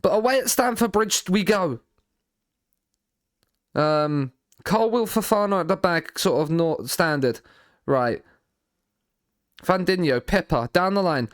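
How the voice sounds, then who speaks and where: A man streaming a football management game, thinking out loud in a rambling way, often repeating and restarting his words, with dry sarcastic asides. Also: high-pitched, expressive, unhurried, long pauses, dry recording. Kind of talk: live stream commentary while playing a football manager game.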